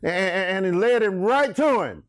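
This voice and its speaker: A man preaching a sermon, emphatic and bantering with his congregation, rising to shouts on key words. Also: sits high, lively intonation, normal speed, background noise.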